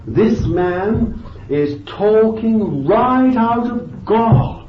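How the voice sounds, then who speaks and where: A man preaching a sermon with fervent emphasis, moving between loud bursts and quiet asides, thinking aloud with restarts and "you see.". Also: high-pitched, animated, very slow, recorded from a distance, a little hiss or hum. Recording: dull, lo-fi, echoey and off-mic.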